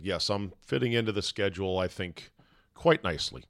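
A man's voice: low voice, normal speed, dry recording, studio quality. A middle-aged man hosting his own podcast, talking casually and self-deprecatingly, sometimes acting out little bits of dialogue. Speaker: podcast host. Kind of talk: casual monologue.

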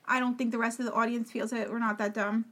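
An opinionated woman with a fairly high voice, trading takes on a reality show in casual podcast chat. She talks emphatically and cuts in often. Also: flat delivery, fast talker, a bit bright. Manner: opinionated, emphatic, talks over the other host. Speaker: podcast co-host.

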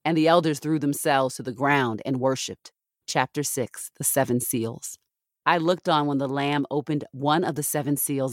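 Woman reading scripture, dry and measured. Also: sits low, no room sound. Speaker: scripture reader.

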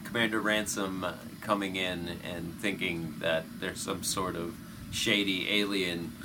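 A man hosting a casual fan podcast, relaxed and steering the talk through the episode. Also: low-pitched, unhurried. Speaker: podcast co-host. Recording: audible air conditioning hum.

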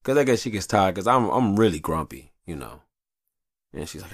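Speaking a little fast in a deep, creaky voice, a man hosts a show from a hot upstairs room. His monologue is rambling, profane and confessional, told with animation, and the studio sound is clean with no echo.

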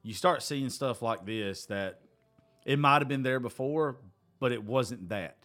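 A man hosting a relaxed interview, asking careful questions. He pushes back in a measured, skeptical way. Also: mid-range voice. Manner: measured, questioning, plays devil's advocate. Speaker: host. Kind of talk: casual interview.

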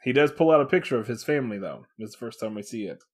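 A man's voice: mid-range voice, lively intonation, fast talker. A man co-hosting a podcast, chatting casually about a comic book, swearing, laughing often and acting out the characters' lines. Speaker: podcast co-host.

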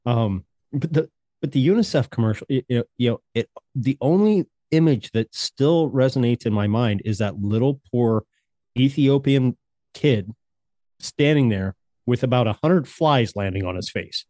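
A podcast co-host talking in loose, profane casual chat, full of quick asides. His voice moves animatedly up and down and has a relaxed, mellow color. It is recorded close and dry. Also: medium pitch, dry recording.

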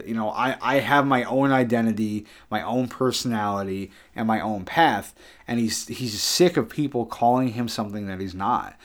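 A mid-range, slightly bright-voiced man co-hosts a casual podcast chat, speaking at normal speed as he earnestly retells scenes from a book. He quotes lines and chuckles along the way.

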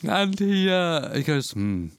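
Podcast co-host, chatty storyteller, laughs a lot, dry close sound. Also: male voice, mid-range voice, expressive, normal speed, a bit bright, no room sound. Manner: laughing storyteller, swears freely. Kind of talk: casual chat.

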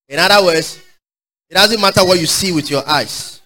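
A man preaching a sermon, fervent and call-and-response, swinging from shouts to quiet asides. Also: high-pitched, normal speed, rough recording.

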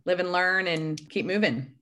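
Low-voiced chatty woman officer. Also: moderate pace, a bit bright. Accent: American. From grew up in the UK. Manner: chatty, laughing storyteller. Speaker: Air Force intelligence officer, guest. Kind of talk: casual podcast interview.

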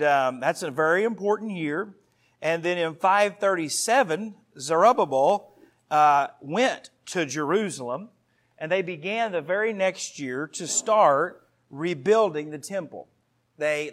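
A man's voice: fairly high pitch, expressive, unhurried. A man in his thirties preaching a sermon to his congregation, earnest and storytelling, with asides to the listeners. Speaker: pastor.

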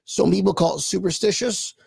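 A man's voice: high voice, steady tone, fairly quick, gravelly, a little mellow, breathy edge, no echo. A man hosting a casual chat, joking and swearing, with lots of stammering restarts. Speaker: podcast host.

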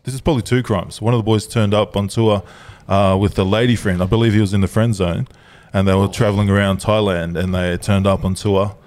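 A low-voiced man co-hosting a laid-back podcast. He tells stories with energy and steers the chat with questions. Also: a little fast, hardly any pauses. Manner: animated storyteller, asks the questions. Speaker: podcast co-host.

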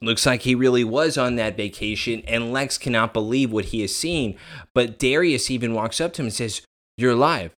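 A man co-hosts a relaxed podcast, talking through a TV episode in a plain mid-range voice. He mixes his summary with sarcastic jokes and laughs along with his partner. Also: medium pitch, moderate pace. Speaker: podcast co-host. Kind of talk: casual TV recap chat.

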